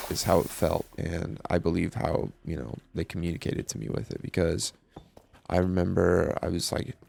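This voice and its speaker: A man's voice: deep voice, vocal fry, a little mellow. A young man speaking candidly in a casual personal monologue, swearing and using lots of fillers. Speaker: vlogger.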